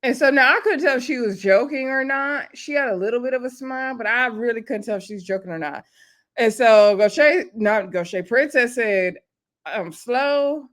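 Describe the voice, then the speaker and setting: A woman's voice: on the high side, a little fast, a bit bright. A chatty woman, casually recapping a reality show episode. She laughs often and acts out the cast members' lines.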